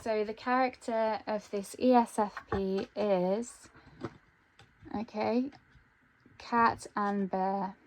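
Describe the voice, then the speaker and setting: Woman, tarot reader, musing, thinks aloud, mid pitch. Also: steady tone, takes it slowly, pauses often. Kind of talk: intuitive tarot reading to camera.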